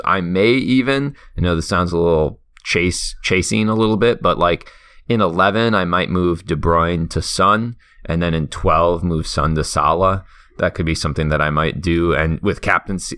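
A man's voice: low voice, a bit bright, clear, resonant tone, no echo. A man from the northern Midwest of the US, hosting a podcast in casual, rambling chat full of fillers. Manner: rambling, thinks aloud with many fillers. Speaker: podcast host.

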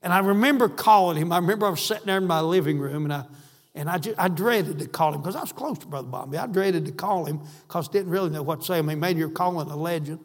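A man's voice: on the high side, quick pace. A man preaching a sermon, fervent and emphatic, repeating phrases for stress. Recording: echoey hall.

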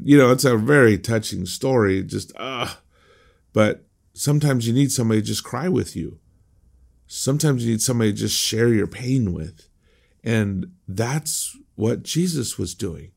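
A man's voice: lowish voice, vocal fry, darkish tone. A male pastor reading a passage of scripture and explaining it in an informal devotional, often repeating words as he restarts a thought. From United States. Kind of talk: devotional Bible teaching.

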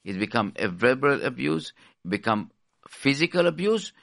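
Halting, gravelly male radio co-host. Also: mid-range voice, sing-song, a bit bright, no echo, studio quality. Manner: halting, many restarts and fillers. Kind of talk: call-in radio advice talk.

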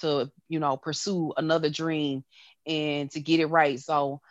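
A woman in her thirties hosts a podcast, talking candidly and loosely with plenty of fillers, long pauses and frequent laughter. Her low voice has little pitch movement, and the dry recording has its highs cut off.

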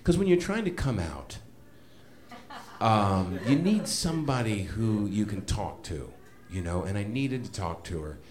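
A man telling a comedic story to a live audience, animated and self-mocking, laughing often as he goes. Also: lowish voice, unhurried.

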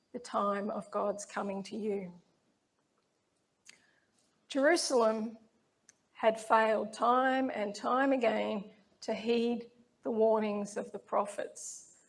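A woman delivers a sermon at an unhurried, deliberate pace, letting each line of scripture settle. Her fairly high voice carries a gravelly edge, and she sounds measured and reflective. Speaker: preacher.

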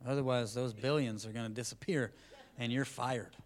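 A man preaching a sermon as the pastor at a church service, in a conversational style that swings between quiet asides and loud, emphatic lines. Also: medium pitch, steady tone, moderate pace.

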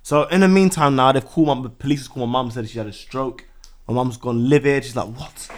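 A young man, telling a story from his own life in a relaxed conversation and acting out his reactions as he goes. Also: medium pitch, fast talker. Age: 20s. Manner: animated, acts out his own past reactions with slang fillers. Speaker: guest.

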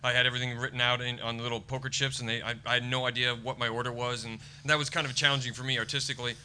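An American comedian, middle-aged, telling lively anecdotes in a casual chat and acting out other people's lines. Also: male voice, mid-range voice, racing, a little hiss or hum. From United States. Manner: animated storyteller acting out quotes. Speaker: stand-up comedian guest.

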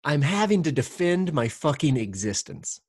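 A man's voice: a little high, big pitch swings, moderate pace, husky, no echo. Candid rambling man, dry sound. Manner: rambling, candid, with frequent fillers and restarts; swears casually. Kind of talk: casual reflective conversation.

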